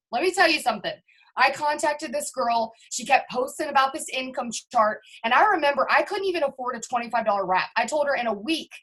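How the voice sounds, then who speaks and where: A young woman telling her network marketing story in an excited, bubbly, exclamatory way. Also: on the high side.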